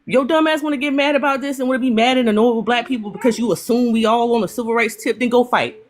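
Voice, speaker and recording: Upset woman ranting fast, swearing a lot, reaction talk. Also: a little high. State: upset, apologetic. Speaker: panelist. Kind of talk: heated reaction commentary.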